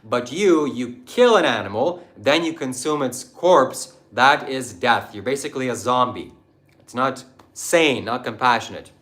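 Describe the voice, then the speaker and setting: A man's voice: medium pitch, lively intonation, unhurried, fairly bright tone. A man hosting a livestream, answering viewers in a combative, mocking, preachy way. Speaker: livestream host. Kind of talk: livestream talk answering chat.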